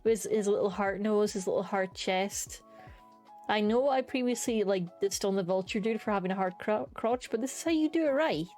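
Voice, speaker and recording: A woman's voice: medium pitch, normal speed, darkish tone. A young woman talks into a desk mic at home, chatty and bubbly, her voice sitting in an ordinary middle register. Faint music plays behind her as she gushes and swears offhandedly. Her delivery is loose, unscripted stream chatter. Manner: chatty, enthusiastic, swears casually. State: hiccups. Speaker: streamer ranking creatures. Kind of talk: casual live-stream commentary.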